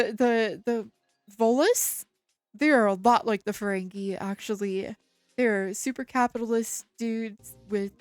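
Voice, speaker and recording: A woman's voice: on the high side, clean tone, no echo. A woman streaming a game, recapping the story in casual chat with loose swearing and quoted bits of dialogue. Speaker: VTuber streamer. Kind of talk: casual gameplay commentary.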